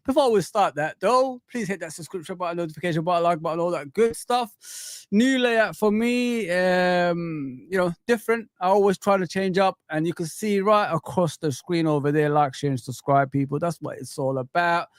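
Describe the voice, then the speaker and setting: A man's voice: high voice, normal speed, dry recording, clean studio sound. A young adult man hosting a fan live stream, hyped and exclamatory, repeating words for emphasis. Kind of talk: excited live-stream chat.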